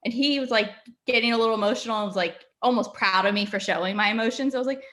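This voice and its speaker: A woman's voice: mid-range voice, animated, quick pace, few pauses, bright, forceful tone. A woman from Colorado telling a personal story in a plain, matter-of-fact way. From Colorado, USA. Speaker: coach's wife. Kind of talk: casual conversation.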